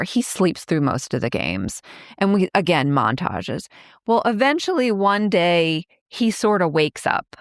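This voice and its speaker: A woman in her fifties talks through a film's plot in loose, chatty podcast style, full of "like" and quick laughs. Her voice sits a little low. The sound is dry and close, with no room behind it. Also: no echo. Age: 50s. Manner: chatty, many likes, laughs while retelling scenes. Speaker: podcast co-host. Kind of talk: casual movie recap chat.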